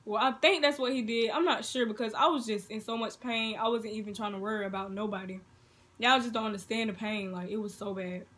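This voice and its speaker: Young woman, casual storytime vlogger, bright and fairly high, animated teller. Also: brisk. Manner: animated storytelling, gets loud and excited.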